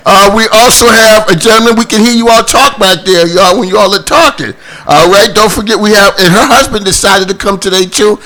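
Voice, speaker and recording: High, bright-voiced man hosting loudly. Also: a little fast. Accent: Boston. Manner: loud, animated, jokey. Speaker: host. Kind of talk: casual talk show hosting.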